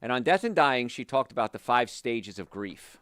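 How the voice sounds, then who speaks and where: Guy hosting a health show, super animated pitch, pushy motivational pep talk, dry close sound. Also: normal speed, clear, resonant tone, no room sound. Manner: emphatic, animated, speaks directly to listeners.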